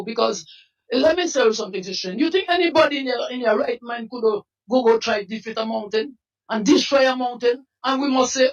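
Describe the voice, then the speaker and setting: A Dominican man, a protest activist, speaking in an impassioned, pleading way that often rises to a shout. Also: very high-pitched, normal speed. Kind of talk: impassioned street interview. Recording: voice from some distance off the mic.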